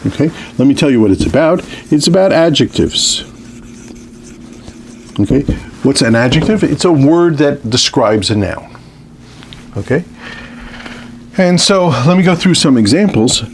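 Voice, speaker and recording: Gravelly, animated male math lecturer. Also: a little high, unhurried, pauses often, a little hiss or hum. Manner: lively, repeats "okay" as a check-in.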